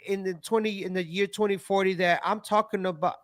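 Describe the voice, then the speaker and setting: A man's voice: high-pitched, fairly even intonation, fairly quick, a bit bright, no echo, studio quality. A man hosting a talk show, speaking earnestly in a casual interview conversation.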